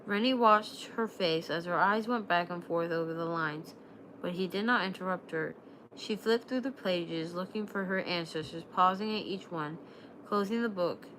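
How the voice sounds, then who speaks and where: A woman reading a novel aloud on a live stream at a steady pace, now and then tripping over a word and correcting herself. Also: on the low side, slight background noise, rough recording. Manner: steady, occasionally stumbling over words. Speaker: reader, streamer.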